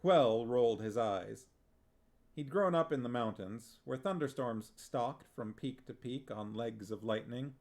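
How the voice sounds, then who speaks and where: A male streamer reads a comic fantasy novel aloud to his viewers. He takes his time over each sentence in a mid-pitched voice. A steady vocal fry gives the reading a gravelly texture. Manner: measured, deliberate reading.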